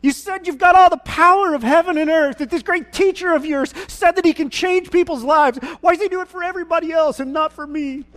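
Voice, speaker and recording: A preacher shouting as a desperate furious father. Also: extremely high pitch, brisk, few pauses, voice pushed up. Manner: screaming, yelling accusations.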